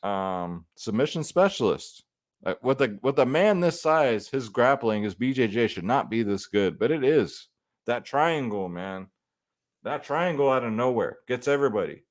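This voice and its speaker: A man's voice: medium pitch, expressive, normal speed. Laid-back man breaking down fight picks. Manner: laid-back and conversational, swears freely and says "man" often. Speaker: fantasy sports picks host.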